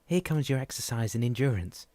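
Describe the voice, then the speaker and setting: A man's voice: medium pitch, lively intonation, brisk, mellow, no echo, pitched above the performer's own voice, natural voice. Stern wooden-faced little boatman, read by a man, bossy and lecturing, dry close sound. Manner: lecturing, commanding.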